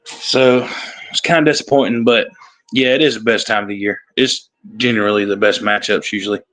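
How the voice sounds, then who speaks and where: A man's voice: lowish voice, fairly even intonation, brisk, a bit bright, rough recording. Laid-back male sports co-host.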